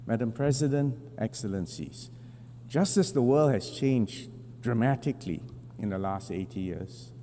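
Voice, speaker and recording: A man delivering a formal prepared speech as a government delegate at an assembly podium, measured and deliberate with emphatic pauses. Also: mid-range voice, warm tone. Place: large assembly hall. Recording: long reverb of a large hall, faint hum.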